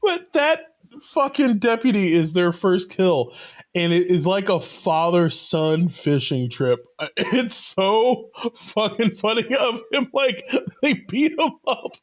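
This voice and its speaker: A man's voice: high-pitched, expressive, slow. A man co-hosting a casual movie podcast, laughing often and acting out characters in put-on voices as he talks. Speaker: podcast co-host.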